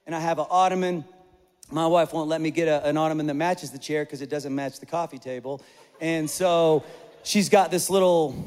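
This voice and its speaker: A middle-aged man preaching a sermon, animated and conversational, with self-deprecating humor. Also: on the high side, clean tone, in a large hall. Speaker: pastor.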